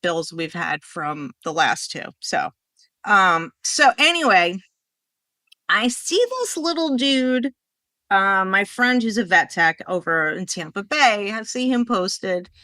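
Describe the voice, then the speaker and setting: Bright-voiced animated woman telling a story. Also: medium pitch, takes it slowly, no echo. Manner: animated, rambling, acts out quoted dialogue. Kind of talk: casual storytelling in a podcast conversation.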